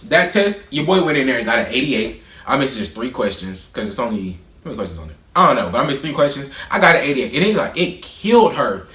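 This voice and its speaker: A young man in his twenties telling a storytime vlog, animated, profane and boastful. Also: medium pitch, quick pace. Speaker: vlogger. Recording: roomy echo.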